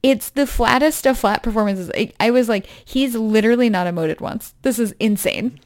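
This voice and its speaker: A woman's voice: a little high, moderate pace, dry recording, clean studio sound. A woman co-hosting a podcast, ranting in a casual, chatty way and laughing often. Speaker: podcast co-host. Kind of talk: casual chat.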